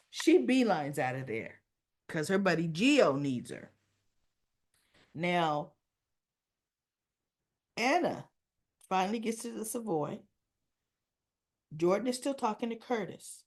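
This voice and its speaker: Slow-talking woman recapping a soap. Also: mid-range voice, sing-song, darkish tone. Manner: chatty, acts out lines of dialogue. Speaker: soap opera recap host. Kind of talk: casual chat, retelling an episode.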